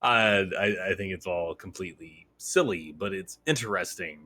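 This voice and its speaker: Forceful man, casual podcast talk. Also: low-pitched, normal speed. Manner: animated and profane. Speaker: podcast co-host. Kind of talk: casual chat.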